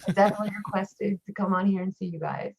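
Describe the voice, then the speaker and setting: On a dull lo-fi recording, a woman speaks fast in a mid-range voice with little pitch movement. She's a guest teacher and occult priestess, chatting casually and spinning rambling stories.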